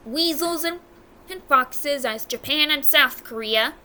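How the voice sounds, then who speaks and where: A woman's voice: high voice, unhurried, bright, forceful tone. A young American woman doing casual ranking commentary on a video, blunt and exasperated, often stopping to correct her own words. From United States. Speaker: video reviewer.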